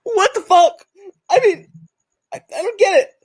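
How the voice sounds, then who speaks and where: A man voicing a young woman reeling from a sister's betrayal, in a comic podcast reenactment, with shrill outraged disbelief. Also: moderate pace. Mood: shocked.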